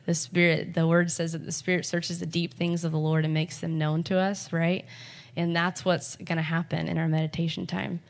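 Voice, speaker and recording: A woman with a lowish voice leads a small group through a Bible meditation workshop. She talks casually and warmly encouraging, often pausing on ums and restarting her sentences. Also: flat delivery, gravelly. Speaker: Bible study teacher.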